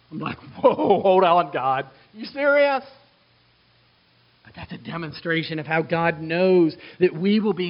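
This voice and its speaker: A male pastor with a notably high voice delivers a sermon. He swings from bright, excited exclamations down to soft, hushed asides. The recording sounds somewhat dull and lo-fi.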